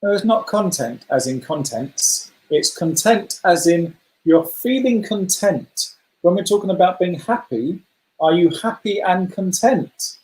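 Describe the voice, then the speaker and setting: An encouraging man hosts a letter-guessing game for a children's club over a video call. His pitch jumps around animatedly while his pace stays slow and unhurried. The sound carries a roomy echo. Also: expressive, darkish tone. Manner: chatty and encouraging, praising players by name.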